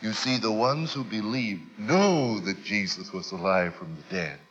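A man preaching a sermon with emphatic, forceful delivery that builds to loud peaks. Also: fairly low pitch, measured pace, lo-fi sound, soft background music.

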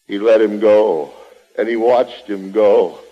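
Slow, deliberate male preacher in a reverberant hall. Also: lowish voice, highs cut off. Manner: emphatic, repetitive preaching cadence. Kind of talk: sermon. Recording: long reverb of a large hall.

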